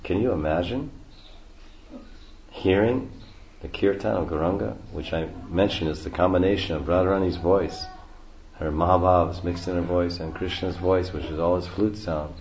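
A man's voice: deep voice, moderate pace, a little mellow, slight background noise. A man giving a devotional lecture, explaining verses and repeating key phrases. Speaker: spiritual teacher. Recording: roomy, dull lo-fi recording.

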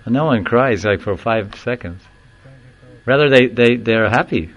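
A man giving a devotional discourse, explaining verses and telling a story in an animated way, now and then acting out the people in it. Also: mid-range voice, low-quality recording. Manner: animated storyteller who acts out quoted voices and chuckles; recites Sanskrit verse slowly, then explains it. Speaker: spiritual teacher.

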